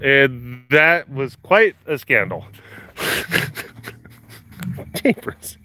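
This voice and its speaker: A man's voice: medium pitch, very animated, very slow, pushed and bright. A man hosting a live stream, reading viewer comments with playful teasing and frequent laughter. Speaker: livestream host at a big cat facility.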